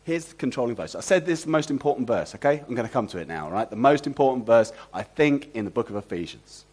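A man preaching an expository sermon, animated and asking the congregation rhetorical questions. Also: medium pitch, fast talker, husky.

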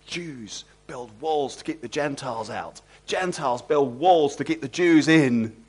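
A male preacher delivering a sermon with lively, animated energy. He talks at a mid pitch and keeps turning to the congregation with rhetorical questions. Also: measured pace, husky. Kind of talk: expository sermon.

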